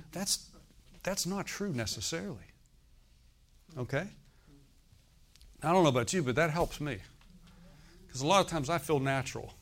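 A pastor in his sixties giving a sermon, telling a scripture story with animated acted-out dialogue and dropping into quiet, confiding asides. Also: moderate pace, pauses often. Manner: animated storytelling, acting out quoted dialogue with rising pitch and volume. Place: church.

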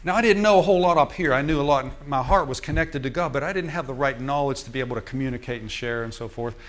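An older man preaching in a church, telling a personal story to the congregation in lively storytelling fashion with chuckles. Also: mid-range voice, fast. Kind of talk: sermon testimony.

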